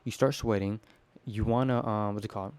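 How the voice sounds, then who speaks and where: A teenage boy spills his story straight to the camera at a quick clip, full of slang and swearing. His voice is warm and dark. He keeps it loose and animated, jumping from point to point. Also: lowish voice, clear, resonant tone, dry recording. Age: teens. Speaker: teen vlogger. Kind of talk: casual rambling monologue to camera.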